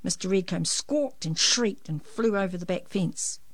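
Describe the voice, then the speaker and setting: In an expressive, lively storytelling style, a woman at medium pitch and moderate pace reads from a children's picture book. No echo is present.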